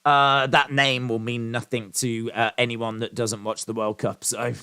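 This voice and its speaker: Male stream host, mid-pitched, dry close sound, rambles through chat replies. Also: level tone, measured pace, sharp tone, clear, resonant tone, dry recording. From English Midlands. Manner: rambling, reads out and answers chat comments. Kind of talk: casual live-stream chat.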